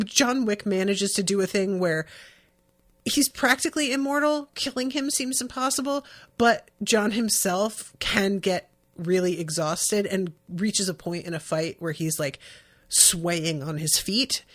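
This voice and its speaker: A woman's voice: mid-range voice, measured pace, fairly bright tone. A woman hosting a podcast, talking casually about a book and reading passages aloud with chatty asides. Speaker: podcast host.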